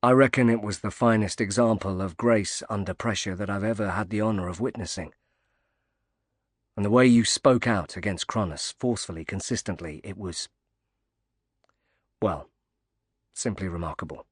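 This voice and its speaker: A man voicing a grateful, quietly emotional widowed father who speaks softly and hesitantly in an audiobook reading. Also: on the low side, normal speed, long pauses, breathy edge, no echo, studio quality. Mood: tender. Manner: soft-spoken, hesitant.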